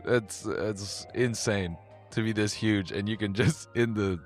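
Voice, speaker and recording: A man's voice: fairly low pitch, a little slow, faint music behind. A man giving comedic reaction commentary, joking and laughing with casual swearing. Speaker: commentary host.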